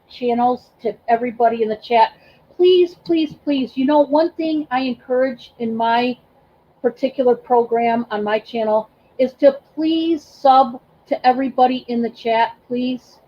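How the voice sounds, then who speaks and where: High-pitched lady doing a livestream, gushy and emotional, lots of ums, kinda muffled audio. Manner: emotional, effusive, thanks chat by name; halting, many ums and restarts. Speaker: livestream host and reseller. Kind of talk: casual livestream chat.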